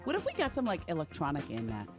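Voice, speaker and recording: A man from the Los Angeles Valley co-hosting a sports radio show in quick, playful banter. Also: a little high, wildly swooping pitch, soft background music. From Los Angeles area, the Valley. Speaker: radio co-host. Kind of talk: casual sports talk.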